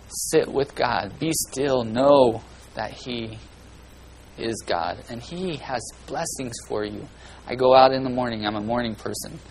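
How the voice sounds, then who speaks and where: A man preaching a sermon in a folksy, earnest way, swinging between loud and hushed delivery. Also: fairly low pitch, vocal fry, a little hiss or hum, poor audio. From California.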